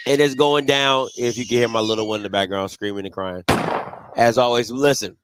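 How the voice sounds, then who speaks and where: A man hosts a casual live postgame sports show from home in front of a green screen. His medium-pitched voice is steady and fairly quick as he trash-talks playfully and repeats himself for emphasis. There's slight background noise.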